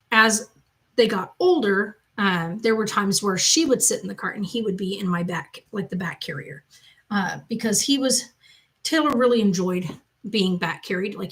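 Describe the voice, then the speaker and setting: A woman's voice: medium pitch, fairly bright tone, low-quality recording. A woman hosting her channel from the loft of her home, chatting casually and rambling as she answers viewer comments. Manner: chatty, rambling, loose storytelling. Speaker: mother and channel host.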